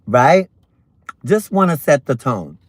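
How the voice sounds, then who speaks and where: Casual livestream host, unhurried, very lively intonation, chatty and sassy, eats while talking. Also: medium pitch, no echo. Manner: chatty, talks to viewers between bites of breakfast. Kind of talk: casual morning livestream chat.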